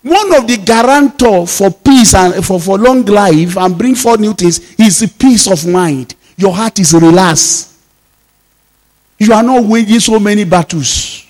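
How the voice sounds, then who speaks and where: A man's voice: sits high, measured pace, darkish tone. A male pastor, preaching a sermon emphatically, repeating phrases and acting out little dialogues.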